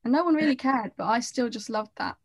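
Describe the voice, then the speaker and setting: A woman's voice: fairly high pitch, fast talker. A woman chatting as a podcast guest, rambling and self-deprecating, trailing off mid-sentence. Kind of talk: casual chat.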